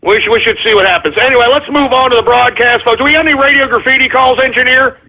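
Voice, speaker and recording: A man hosting a comedic call-in radio show, theatrical and exasperated, with mock whining and shouting. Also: very high-pitched, fast talker. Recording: tinny lo-fi broadcast.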